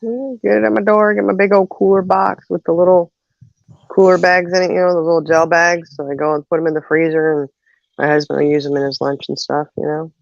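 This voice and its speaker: A woman's voice: fairly low pitch, flat delivery, brisk, gravelly, dry recording. A woman hosting a casual livestream chat, telling stories with frequent laughter. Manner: chatty storyteller, laughs often. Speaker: host of a live chat show. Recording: dull lo-fi dry sound.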